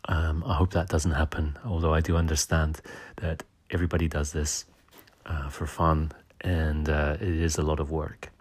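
A man's voice: rumbling low, level tone, moderate pace, slightly rough. A man hosting a podcast, answering listener messages in casual chat, hesitant and full of ums and uhs. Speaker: podcast host.

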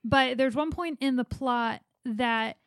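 Female co-host, easygoing casual talk, a bit high-pitched, dry mic. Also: slow pace, dry recording. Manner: relaxed, agreeable, lots of short affirmations. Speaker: movie reviewer co-host. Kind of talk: casual chat.

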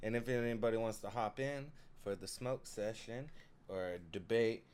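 A man's voice: on the low side, normal speed, darkish tone, smooth. A man from Tennessee co-hosting a casual live stream chat, laid-back and swearing freely as he laughs along. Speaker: podcast co-host.

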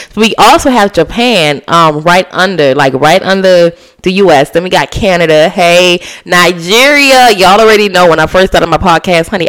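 A podcast host from the Bahamas in a casual solo chat, slangy and animated, talking straight to listeners. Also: medium pitch, clear, resonant tone.

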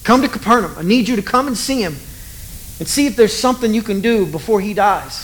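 A man's voice: sits high, animated, a little fast, a bit bright, slight background noise, low-quality recording. A preacher acting a desperate royal father. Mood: pleading.

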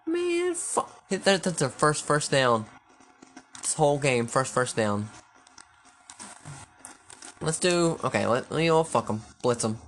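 A man commenting casually on his own football video game, thinking aloud, swearing freely and getting excitable on big plays. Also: medium pitch, unhurried, pauses often, faint music behind.

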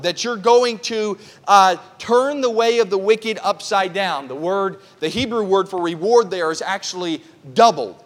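At a church prayer service, a pastor with a high voice delivers a plain, conversational teaching sermon at a measured pace with few pauses. He drives his points home through earnest repetition.

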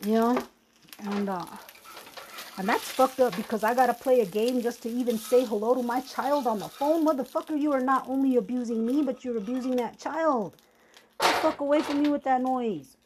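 A woman's voice: fairly high pitch, moderate pace, darkish tone, slight background noise. A woman hosting a podcast, ranting angrily and profanely in a confrontational personal monologue. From Native American. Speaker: podcast host.

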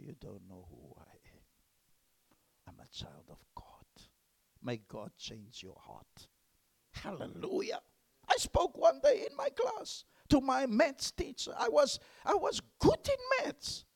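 Pastor guy preaching, gravelly, bit higher voice, goes from shouting to whispering. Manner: emphatic, swings between loud exclamations and hushed whispers. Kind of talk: sermon.

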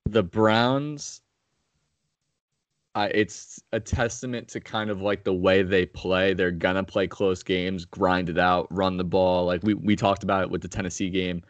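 Deep-voiced blunt podcast host. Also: male voice, flat delivery, unhurried, dry recording. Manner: blunt, profane, opinionated. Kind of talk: casual sports betting chat.

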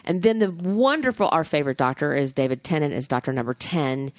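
A woman co-hosting a podcast in casual chat, gushing and animated, swearing freely. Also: deep voice, brisk, no echo. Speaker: podcast co-host.

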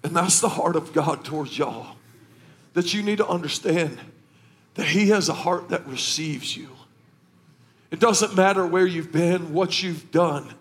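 A man preaching a sermon in a high voice. He swings between quiet, tender passages and loud, shouting emotional peaks, and he sounds moved by his own words. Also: a little slow. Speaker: pastor.

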